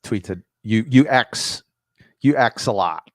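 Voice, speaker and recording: A man's voice: fairly low pitch, no echo. Teasing man co-host, dry sound. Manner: teasing, reads aloud slowly and deliberately. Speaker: podcast co-host. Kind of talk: casual chat.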